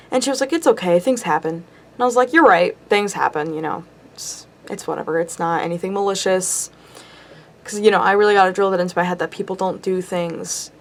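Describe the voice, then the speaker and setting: A young woman vlogger telling a rambling story to camera, giggling and squealing now and then. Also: medium pitch.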